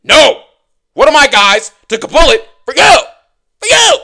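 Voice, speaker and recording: A man putting on the voice of a furious male wrestler who barks orders and shouts. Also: extremely high pitch, big pitch swings, unhurried, creaky, voice pushed up, heavily acted. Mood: angry shouting. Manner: shouting, snarling.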